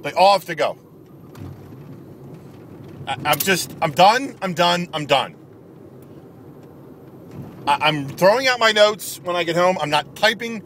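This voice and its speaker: An angry man rants straight to camera, hammering his points over and over. His voice sits high and swings widely in pitch, with faint traffic noise outside behind him. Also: lively intonation, measured pace, pauses often, fairly bright tone. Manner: angry, emphatic, repetitive. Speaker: video blogger. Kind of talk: ranting sports commentary to camera.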